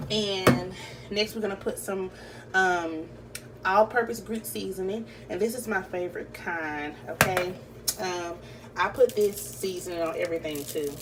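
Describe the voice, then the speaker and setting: Chatty woman cooking at home. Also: medium pitch. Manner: chatty, addresses viewers as y'all and you guys. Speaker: cooking vlogger. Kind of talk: casual cooking tutorial. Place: home kitchen. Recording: slightly distant camera mic, faint room noise.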